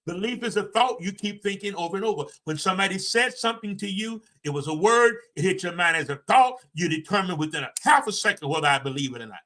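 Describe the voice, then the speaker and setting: A man delivers a motivational talk as a personal development coach. His voice sits a little high and rings bright and forceful. He preaches in a folksy, emphatic way, speaking straight to his listeners. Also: lively intonation, fast, few pauses.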